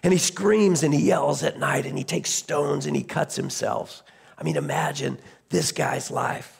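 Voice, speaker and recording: A male pastor with a heavily gravelly, husky voice, pitched a little above the usual. He retells a scripture story in a loose, conversational sermon, often stumbling over and restarting his phrases. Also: expressive, unhurried.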